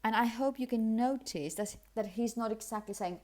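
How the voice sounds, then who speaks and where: A woman teaching English pronunciation, who says example sentences slowly and then repeats them in a relaxed, weakened way. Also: on the high side. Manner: explanatory, demonstrates pronunciation. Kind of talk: pronunciation lesson.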